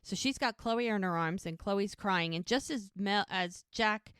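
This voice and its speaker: A woman co-hosting a podcast, casually retelling scenes of a TV episode in an animated way and acting out the characters' lines. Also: mid-range voice, measured pace, clean tone, no room sound, studio quality. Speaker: podcast co-host recapping a TV show. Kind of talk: casual recap storytelling.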